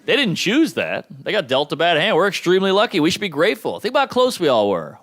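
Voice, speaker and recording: A man doing a stand-up comedy set, delivering deadpan punchlines and briefly voicing the people in his jokes. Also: medium pitch, a little fast.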